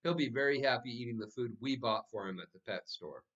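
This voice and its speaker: A man reads a patient storybook mother, calm and matter-of-fact, in a voice raised a little above his own. The sound is slightly muffled. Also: mid-range voice, fairly quick, natural voice. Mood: firm.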